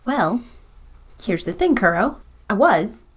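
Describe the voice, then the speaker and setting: Animated woman playing a tabletop game. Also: mid-range voice, slow pace, husky. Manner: animated, laughing. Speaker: player. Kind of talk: casual tabletop role-play.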